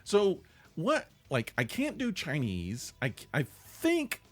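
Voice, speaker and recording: A middle-aged man co-hosting a podcast in casual chat, rambling and thinking out loud. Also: on the high side, huge pitch swings, takes it slowly. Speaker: podcast co-host.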